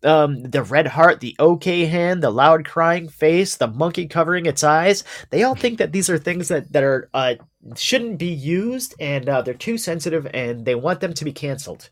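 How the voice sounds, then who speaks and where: A man co-hosting a podcast, haltingly reading out news items in casual chat. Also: a little high, animated. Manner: hesitant, lots of fillers, reading news items. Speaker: podcast co-host.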